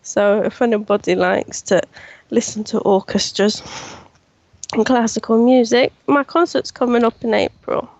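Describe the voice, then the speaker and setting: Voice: mid-range voice, fairly even intonation, normal speed, gravelly, a little mellow, dry recording, highs cut off. Jokey podcast co-host with a cold. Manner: silly, jokey. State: has a cold. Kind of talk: casual group chat.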